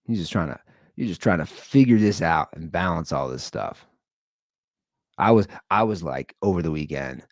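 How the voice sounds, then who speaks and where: Lively, rambling man hosting a podcast. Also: dry recording, clean studio sound. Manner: animated, rambling, swings between loud bursts and low asides. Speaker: podcast host. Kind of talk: casual solo talk. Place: home.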